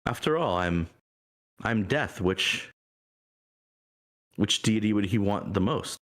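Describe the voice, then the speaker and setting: A man voicing a calm, sly male cat deity of death in a tabletop game. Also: on the low side, slow pace. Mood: scheming.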